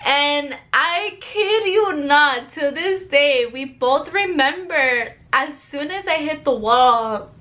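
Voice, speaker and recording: A young woman talks straight to her viewers, telling a personal story. She is chatty and animated and fills her sentences with "like". Her voice sits a little high. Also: slow, few pauses. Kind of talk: casual storytelling to camera.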